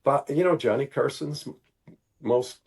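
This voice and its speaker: An older man from Milwaukee, telling stories as a podcast guest in an animated, casual way, peppered with "you know". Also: mid-range voice, measured pace, gravelly, husky. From Milwaukee, Wisconsin. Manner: animated, acts out quoted voices, many "you know"s. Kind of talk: casual storytelling.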